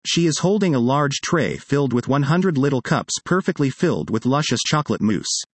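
A man reading a first-person magazine article aloud in a lively, expressive way. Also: medium pitch, fairly quick, no room sound.

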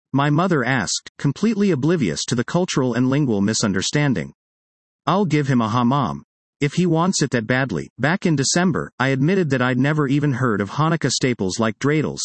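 Lively man reading an article aloud. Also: medium pitch, no room sound. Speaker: reader.

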